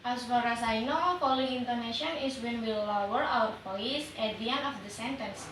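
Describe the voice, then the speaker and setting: A woman's voice: fairly high pitch, moderate pace, noisy background, lightly acted. A young woman playing a worried female student in an amateur class drama, reciting stiff lines in plain non-native English. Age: young adult. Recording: echoey room, far from the mic.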